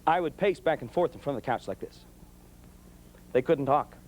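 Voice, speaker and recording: A man's voice: mid-range voice, lively intonation, moderate pace, slight background noise. A middle-aged man, a police sergeant, giving a motivational talk to parents, with an emphatic, repetitive, preacher-like cadence and folksy storytelling. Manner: folksy storytelling, bursts of yelling when acting out anecdotes.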